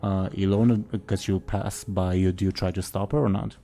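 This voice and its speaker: A man's voice: sits low, little pitch movement, normal speed, creaky, mellow, a little hiss or hum. A man running a tabletop role-playing game as game master, narrating and asking the players what they do.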